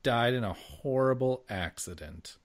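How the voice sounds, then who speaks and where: A man co-hosting a podcast, chatting casually in an animated way, swearing and laughing often. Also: mid-range voice, measured pace. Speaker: podcast co-host. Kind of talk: casual chat.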